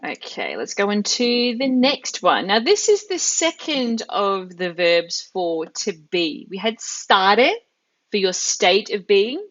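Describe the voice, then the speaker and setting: A woman's voice: mid-range voice, sing-song, slow, fairly bright tone. Woman teacher running a live online class, mid-range voice, patient and methodical, a bit muffled over a computer mic. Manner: patient, explains step by step with examples. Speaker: Italian teacher. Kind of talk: live online language lesson.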